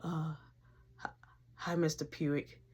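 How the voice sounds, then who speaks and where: A woman voicing a panicked teenage boy who stammers and mumbles in a low, quiet voice. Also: fast talker, husky. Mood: shaken.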